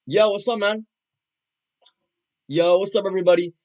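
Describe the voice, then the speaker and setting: A young man livestreaming, chatting casually and rambling, swearing a lot, with loud excited outbursts. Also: high-pitched, moderate pace.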